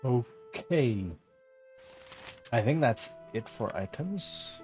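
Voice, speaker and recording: A man's voice: mid-range voice, animated, drawn-out words, darkish tone, faint music behind. A man streaming a game, tired and yawning, thinking aloud and joking casually. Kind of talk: casual gameplay commentary.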